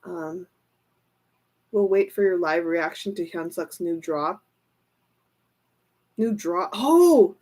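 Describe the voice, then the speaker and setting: A woman's voice: fairly low pitch, fairly even intonation, takes it slowly, long pauses, darkish tone. A woman tarot reader and streamer chatting casually to her live viewers. She talks in a chatty way, with fillers and repeated phrases.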